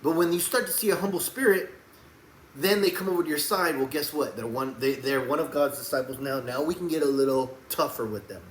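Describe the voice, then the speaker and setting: A man preaching a sermon, swinging between fiery shouts and soft, hushed passages. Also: a little high, fairly quick. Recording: echoey room with faint background noise.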